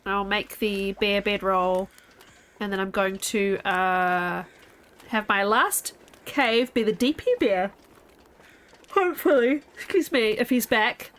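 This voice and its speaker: A woman's voice: medium pitch, slow pace, fairly bright tone. A young woman streaming a game, chatting casually with her viewers while sleepy and yawning. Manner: chatty, rambling, talks to chat. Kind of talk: casual gameplay chat.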